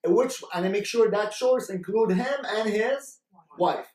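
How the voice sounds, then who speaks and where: A man's voice: high-pitched, measured pace, noisy background. Man coaching a sales class in an echoey room. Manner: coaching, repeats key points, keeps checking with "right?". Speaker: sales trainer. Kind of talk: sales training talk. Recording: roomy echo, mic far off.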